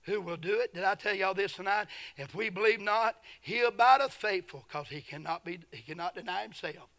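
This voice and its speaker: Fervent preacher man, bright high voice. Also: a little fast. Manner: fervent, swings from hushed to shouting. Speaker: pastor. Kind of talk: sermon.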